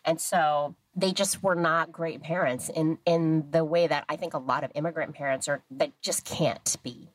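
Low-voiced woman telling family stories. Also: moderate pace, few pauses, no room sound. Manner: animated, acts out quoted voices, laughs often. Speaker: guest. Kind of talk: casual storytelling.

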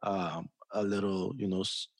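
An American host interviewing a guest in a relaxed way, asking hesitant questions full of fillers. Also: low voice, measured pace. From United States. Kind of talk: casual interview conversation.

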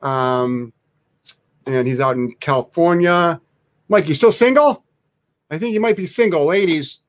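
A man who trains dogs, answering live chat questions bluntly, swearing freely and mocking soft owners in a sing-song voice. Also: on the high side, measured pace. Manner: blunt, profane, animated, mocks in a sing-song voice. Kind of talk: casual live Q&A.

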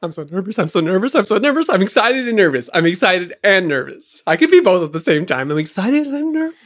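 A woman playing a nervous, excited retreat host in an improvised comedy scene, repeating herself and gushing. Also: mid-range voice, fast talker. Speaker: improv performer.

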